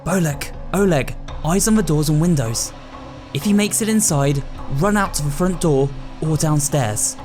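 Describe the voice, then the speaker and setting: A young woman leader gives quick, urgent orders to her friends, voiced by a man. She speaks well above his usual pitch and pushes her voice hard. Game music plays faintly underneath. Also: lively intonation, darkish tone, natural voice. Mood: commanding. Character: young woman leading the group.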